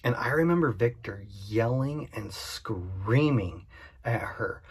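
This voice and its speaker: A man's voice: mid-range voice, lively intonation, slow pace, breathy edge. A man who runs a cleaning business, casually and candidly telling a story about his past work to the camera. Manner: conversational and candid, with frequent fillers.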